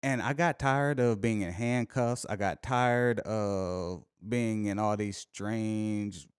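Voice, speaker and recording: A man's voice: lowish voice, slow pace, smooth, no room sound, clean studio sound. A man co-hosting a podcast, talking candidly and in a laid-back way in casual chat. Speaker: podcast co-host.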